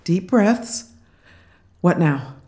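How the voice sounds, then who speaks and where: A woman's voice: fairly low pitch, lively intonation, drawn-out words, mellow. An actress playing a spirited young woman who is blunt and supportive of her friend.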